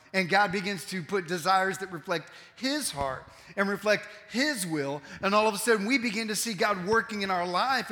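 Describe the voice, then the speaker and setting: A man preaching a sermon as a pastor, swinging between loud emphatic lines and quiet, intense asides. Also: fairly high pitch. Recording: long hall reverb.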